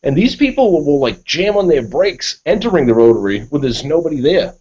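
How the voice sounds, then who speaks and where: Profane, lively man on a lo-fi call. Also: fairly high pitch, a little fast, breathy edge. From Massachusetts. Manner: profane, animated storytelling. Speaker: panelist. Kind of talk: casual storytelling on a group call. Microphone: online video call. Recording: dull lo-fi call audio.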